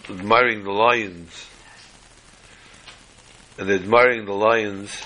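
A man's voice: fairly low pitch, bright, forceful tone, a little hiss or hum, rough recording. A man telling folksy stories and jokes in a casual way, dropping Yiddish and Hebrew phrases and acting out the dialogue. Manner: acts out dialogue with quick quoted voices. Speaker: storyteller. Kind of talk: casual storytelling talk.

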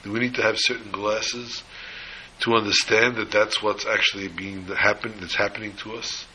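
A man's voice: on the low side, little pitch movement, normal speed, pushed and bright, slight background noise, rough recording. A man preaching a sermon, telling a parable in an emphatic way and mixing in Hebrew and Yiddish terms. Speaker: rabbi.

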